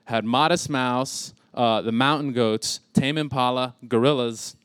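A man's voice: mid-range voice, measured pace, a bit bright, clear, resonant tone, no room sound. A man in his thirties doing a rambling stand-up set, laughing at his own jokes. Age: 30s. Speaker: stand-up comic.

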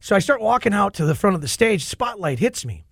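Middle-aged guy hosting a podcast, kinda gravelly, fairly high voice, dry close sound. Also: fairly quick, no room sound. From Minnesota. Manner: animated storyteller, acts out quotes. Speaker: podcast host. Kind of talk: casual chat.

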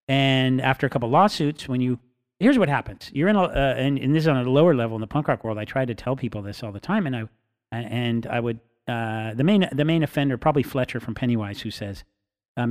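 A man talking in a casual monologue, rambling with restarts and acting out quotes in an animated way. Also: medium pitch, brisk.

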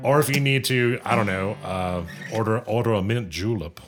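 A man's voice: lowish voice, normal speed, music in the background. A man with a Southern US accent, talking casually and rambling with lots of fillers while planning a song. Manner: rambling, filler-heavy, self-deprecating. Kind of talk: casual chat.

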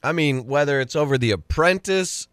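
A man co-hosting a sports radio show in casual chat, teasing his partner with quick wisecracks. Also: on the high side, animated, a bit bright, clean tone, dry recording, clean studio sound.

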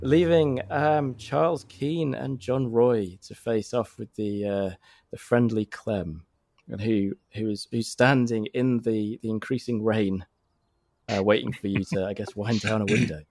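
A man narrating as game master in a laid-back, halting way. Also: fairly low pitch, steady tone, darkish tone, no room sound, clean studio sound.

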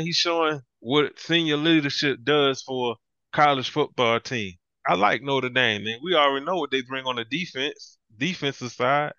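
A man co-hosting a sports podcast in casual chat, animated and ranting, often breaking into laughs. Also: mid-range voice, clear, resonant tone, no echo. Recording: dull lo-fi dry sound.

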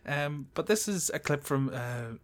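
A man's voice: fairly high pitch, animated, measured pace. A man hosting a podcast, introducing a clip with dry joking asides and frequent hesitant fillers. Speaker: podcast host. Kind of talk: casual podcast chat and interviewing.

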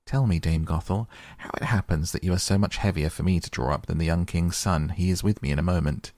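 A man voicing a gentle young maiden in a fairy tale reading, keeping his own voice. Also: deep voice, a little fast, dry recording, natural voice. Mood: curious.

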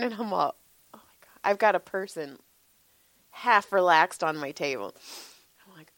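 A woman's voice: mid-range voice, moderate pace, no echo. A woman in her forties telling casual stories with lots of swearing, frequent laughter and acted-out quotes. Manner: animated, profane, laughs often, acts out quotes. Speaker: podcast co-host, massage therapist. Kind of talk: casual storytelling chat.

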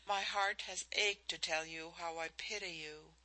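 A woman reading the part of a lovestruck young man who speaks softly and earnestly. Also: on the low side, steady tone, unhurried, low-quality recording. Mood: tender. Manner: soft, earnest pleading.

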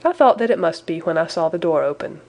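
An oily, overly soothing country gentleman whose smile hides a threat, voiced by a woman reading aloud. His coaxing tone sits on the lower side. He is too caressing to be trusted. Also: animated, fast. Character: smiling, menacing middle-aged country gentleman.

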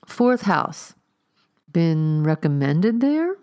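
A woman doing a slow, gruff old-time constable. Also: on the low side, big pitch swings, warm tone, heavily acted. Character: gruff working-class male London constable.

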